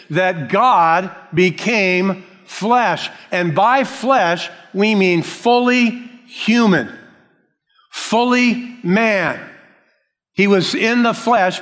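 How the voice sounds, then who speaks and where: A male pastor preaching a sermon, slow and emphatic, repeating key phrases. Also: high-pitched, a bit bright, long reverb tail.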